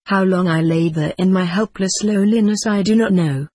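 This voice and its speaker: Sex-unclear narrator with a husky voice. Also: medium pitch, normal speed, darkish tone, dry recording. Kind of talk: read-aloud first-person story.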